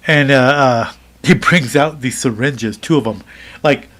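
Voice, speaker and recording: This middle-aged man co-hosts a podcast and spins a story in casual conversation, lively and meandering, often restarting and padding with fillers. He speaks unhurriedly in a mid-range voice.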